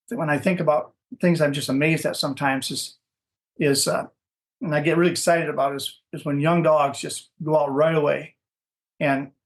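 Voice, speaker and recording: A man from Minnesota, a dog breeder, telling stories in a casual interview, rambling and repeating words as he searches for what to say. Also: fairly high pitch.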